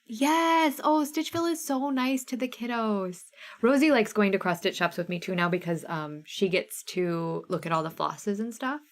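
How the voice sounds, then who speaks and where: A chatty woman in her thirties with a Midwestern American accent, hosting a live craft sale from home. She talks casually and brightly, greeting viewers by name between items. Her voice sits in an ordinary middle pitch. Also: normal speed. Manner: chatty, reads out viewer names, bubbly. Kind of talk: casual live-stream chat.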